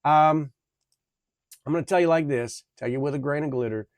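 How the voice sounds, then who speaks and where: A man giving a casual tarot reading to camera, rambling and halting, full of fillers and self-corrections. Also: mid-range voice, no echo, clean studio sound. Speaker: tarot reader.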